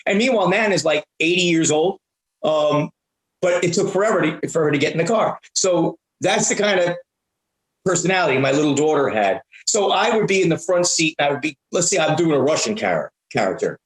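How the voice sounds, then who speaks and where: Man talking haltingly in a roomy echo. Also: a little high, animated. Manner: halting, many restarts, blunt and profane. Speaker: interview guest, prank-call comedian. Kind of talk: casual interview chat.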